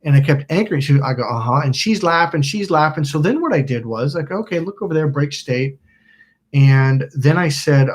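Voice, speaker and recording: A man hosting a self-help channel, telling a story in a rambling, casual way, acting out quotes and swearing now and then. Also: fairly high pitch. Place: indoors by a smoking candle.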